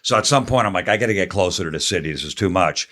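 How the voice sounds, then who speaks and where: Blunt, low-voiced guy. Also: rapid-fire. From New Jersey. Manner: blunt, profane, deadpan storytelling. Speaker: guest comedian. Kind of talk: storytelling on a podcast.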